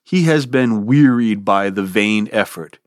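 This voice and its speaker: A man giving a podcast lecture on poetry in an expressive, lively way, relishing the verse. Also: on the low side, a little slow, no room sound, clean studio sound. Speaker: literature lecturer.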